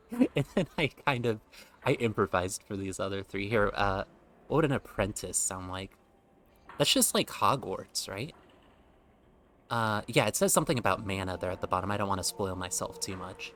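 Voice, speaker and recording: Young guy chatting while he plays, giggly and joking, lowish voice. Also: a bit bright. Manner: chatty, giggly, self-mocking. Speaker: streamer. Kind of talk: casual gameplay commentary.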